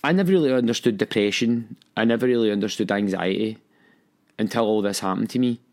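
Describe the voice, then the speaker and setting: Candid young man, lowish voice. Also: fast, a little mellow. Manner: candid, emotional, acts out quoted voices. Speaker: storyteller recounting his own experience. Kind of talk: personal storytelling.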